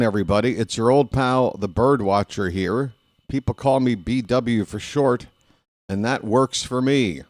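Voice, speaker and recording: A man's voice: medium pitch, a little mellow, no room sound. A middle-aged man hosting a live baseball commentary stream, talking in a folksy, dry, downbeat way. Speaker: play-by-play host.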